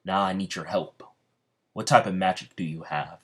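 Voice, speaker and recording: A desperate male elf read by a man insists on help in a blunt, demanding way. The voice is deep and low, barely altered from the teller's. Casual fan storytelling. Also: moderate pace, a bit bright, breathy edge.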